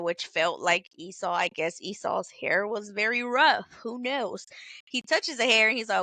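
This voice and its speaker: A young woman casually retelling Bible stories on a podcast, chatty, acting out dialogue with quick asides. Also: mid-range voice, bright, forceful tone, dry recording. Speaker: podcast co-host.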